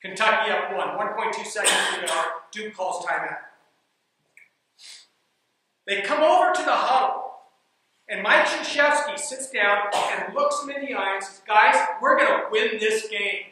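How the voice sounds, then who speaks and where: A man who coaches basketball, telling a team story as an animated speech. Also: high-pitched, unhurried, long pauses. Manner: animated, builds suspense in anecdotes. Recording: echoey room, mic from far off.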